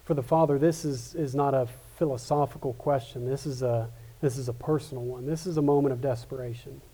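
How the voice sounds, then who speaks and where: A man's voice: mid-range voice, fairly even intonation, fairly quick, dark tone. A man preaching a sermon as a pastor, earnest, often restarting and repeating words. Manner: earnest, with frequent restarts and repetitions.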